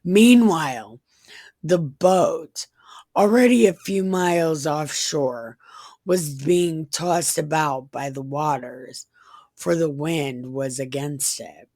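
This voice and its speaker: Woman, deep and unhurried; deadpan comic scripture reader with crude asides. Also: dry recording. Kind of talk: irreverent comedic Bible reading.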